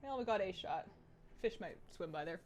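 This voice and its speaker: Hosting a casual live stream from home while gaming, a woman chats and rambles, laughing often and restarting her sentences. Her lowish voice is expressive and a little mellow at normal speed, and she sounds slightly out of breath.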